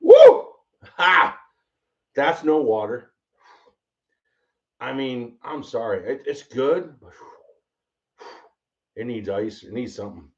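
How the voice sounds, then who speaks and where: An excitable man hosts a rambling bourbon tasting, talking at an ordinary pitch. He is heard from a little away from the mic, and the sound is dull and lo-fi. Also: slow pace, pauses often. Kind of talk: casual livestream tasting chat. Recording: slightly distant, dull lo-fi mic.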